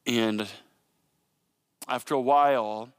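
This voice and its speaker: A man in his thirties preaching a sermon, moving between impassioned, repetitive preaching and quiet personal storytelling. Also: mid-range voice, steady tone, slow pace, clean tone, no room sound, studio quality. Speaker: pastor.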